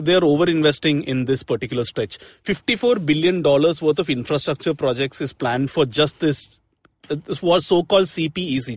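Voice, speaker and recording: A man's voice: a little high, no echo. A young man hosting a podcast in casual, jokey, rambling chat. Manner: jokey, rambling, laughs often. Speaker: podcast host.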